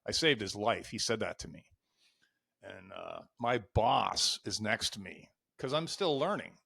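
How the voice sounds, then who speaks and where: His voice is lowish, gravelly and bright, with a forceful tone, a breathy edge, lively intonation and a slightly slow pace. A life and executive coach in his fifties, he guests on a podcast, telling candid, emotional stories and acting out old conversations. The studio recording has no room sound.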